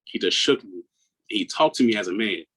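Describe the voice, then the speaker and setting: A man in his thirties from Maryland, a guest on an interview who speaks earnestly and reflectively, often dropping into a hushed tone. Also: fairly low pitch, animated, moderate pace, rough recording. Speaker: guest, mental health coach. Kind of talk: personal storytelling in an interview.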